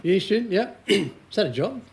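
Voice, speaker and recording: A man's voice: high-pitched, very animated, fairly quick, gravelly, noisy background. An Australian man in his forties, a business coach giving a casual, joking seminar talk to a small group and quizzing the audience.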